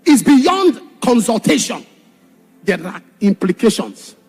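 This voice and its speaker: A man preaching a sermon and telling a personal testimony, dramatic, shouting some points and dropping low on others. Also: big pitch swings, takes it slowly, breathy edge, soft background music. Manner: dramatic, shouts for emphasis then drops low. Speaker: pastor.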